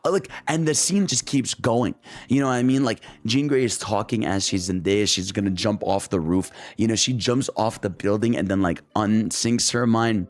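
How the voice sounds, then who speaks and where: A young man giving a casual, excited movie review, rambling with lots of filler words and slang. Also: lowish voice, normal speed.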